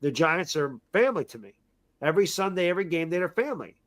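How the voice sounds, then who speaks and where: A man's voice: a little high, sing-song, fast talker. Frustrated middle-aged man ranting. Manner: frustrated, emphatic, repeats himself. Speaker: sports fan commentator. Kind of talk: casual post-game rant.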